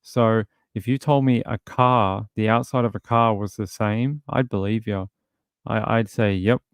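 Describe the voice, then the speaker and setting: A man's voice: lowish voice, steady tone, measured pace, smooth, no room sound, clean studio sound. An Australian man hosting a casual true-crime livestream, speaking bluntly and with indignation as he reads viewer comments aloud. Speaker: livestream host.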